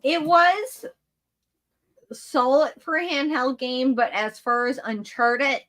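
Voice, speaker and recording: Bright high-voiced tipsy woman. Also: takes it slowly. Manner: chatty, giggly, tipsy. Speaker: co-host. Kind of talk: casual chat on a gaming stream.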